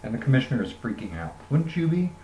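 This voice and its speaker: A man's voice: medium pitch, sing-song, fast, a little mellow. A man casually reviewing a graphic novel, rambling and joking with lots of fillers. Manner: rambling, jokey, many fillers. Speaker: comic book reviewer. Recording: roomy echoey room.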